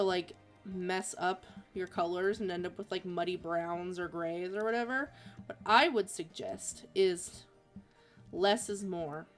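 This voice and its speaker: A woman talking casually on a drawing stream, chatty and rambling with plenty of fillers. Her voice sits at an ordinary pitch for a woman. Soft music plays quietly behind her. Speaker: streaming artist. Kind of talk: casual chat while drawing.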